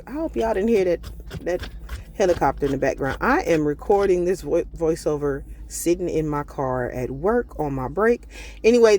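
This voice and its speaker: A woman's voice: fairly low pitch, darkish tone. A woman giving a casual recipe voiceover from a parked car, chatty and folksy, her throat a little irritated. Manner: chatty, folksy, addresses viewers as y'all. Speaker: cooking vlogger. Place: parked car on a work break.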